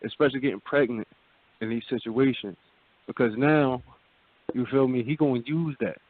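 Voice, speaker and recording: A man's voice: mid-range voice, fairly even intonation, moderate pace, dry recording. Laid-back man co-host, lots of "you feel me". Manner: laid-back, repeats himself, says "you feel me" often. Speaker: radio show co-host. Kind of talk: casual frank chat. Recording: dry phone-like sound.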